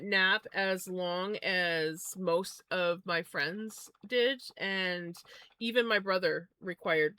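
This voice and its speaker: Woman streamer, mid-pitch, chatty and musing, dry close sound. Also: fairly even intonation, slow pace, bright, forceful tone, smooth, no echo. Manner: chatty, musing, self-correcting. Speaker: livestreamer. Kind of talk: casual chat while spinning yarn.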